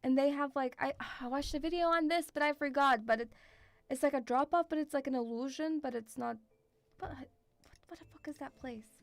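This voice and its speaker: A young VTuber streamer chats casually with a high, gravelly voice, speaking a little fast. She rambles, leaning on lots of filler words and swearing as she goes.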